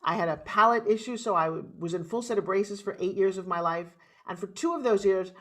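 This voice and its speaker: A middle-aged woman from New York with a New York accent, telling her life story as an interview guest in a dramatic, animated way. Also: medium pitch, moderate pace, hardly any pauses.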